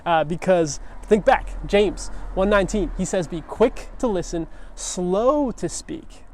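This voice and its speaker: A man's voice: high voice, normal speed, a little mellow, slight background noise. A man giving a casual, earnest sermon, talking conversationally with frequent restarts.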